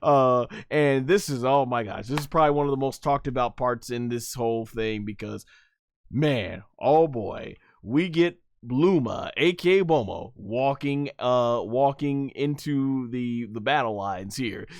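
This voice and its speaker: A young man streaming a live anime fight breakdown, reading chat, excitable and laughing often. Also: mid-range voice, measured pace, dry recording, studio quality.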